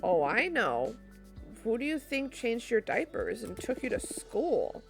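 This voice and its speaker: A woman's voice: fairly high pitch, sing-song, a little slow, gravelly, music in the background, heavily acted. A woman voicing an older witch who is the stern, protective big sister, speaking in a firm, lecturing tone. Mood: scolding.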